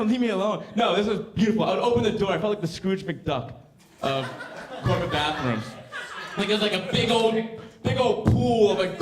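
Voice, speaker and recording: A high-pitched young man in his twenties performs a rambling stand-up set on a club stage. He halts with fillers and restarts as the crowd laughs behind him, and the roomy club carries plenty of crowd noise.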